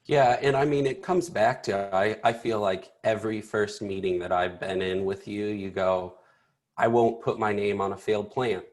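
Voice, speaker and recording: Easygoing low-voiced male advisor. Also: fairly even intonation, normal speed, a little mellow. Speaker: financial advisor. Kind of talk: casual office-hours chat.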